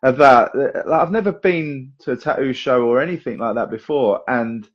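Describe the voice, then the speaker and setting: A medium-pitched man, who is a magician and podcast host, tells stories casually at a moderate pace over lo-fi audio. He's a lively, chatty storyteller who swears a lot and acts out voices in this relaxed conversation.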